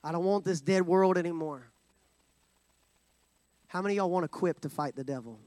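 A man's voice: high-pitched, fairly quick, a little mellow, dry recording. A man preaching a sermon in a folksy, joking way, calling for responses from the congregation. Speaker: guest preacher.

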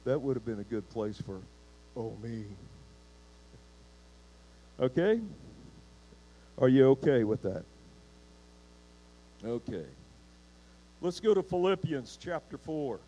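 A man's voice: mid-range voice, animated, measured pace, long pauses, warm tone, muffled recording. A man preaching a sermon in church, restarting words and putting questions to the congregation. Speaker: pastor.

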